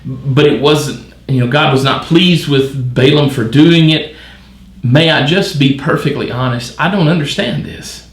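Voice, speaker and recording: A man's voice: mid-range voice, a little slow, reverberant. A man leading a midweek Bible study, reading scripture and wondering aloud at it with many questions. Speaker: church Bible teacher.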